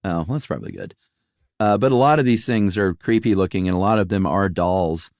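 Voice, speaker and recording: A man's voice: sits low, animated, a little fast, a little mellow, no echo, clean studio sound. A man co-hosting a podcast in a casual, laid-back chat with many fillers. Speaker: podcast co-host.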